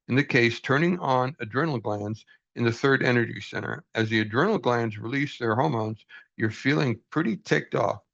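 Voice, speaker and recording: Gravelly older man, earnest and folksy. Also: medium pitch, a bit bright. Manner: earnest, self-deprecating, folksy. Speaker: book study host. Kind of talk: reading aloud and reflecting. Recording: dull lo-fi recording.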